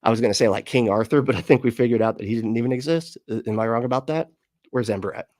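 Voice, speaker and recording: A man's voice: mid-range voice, fast talker, a little mellow, no echo, studio quality. A man hosting a livestream and reading out his chat, rambling and laughing often as he swears casually.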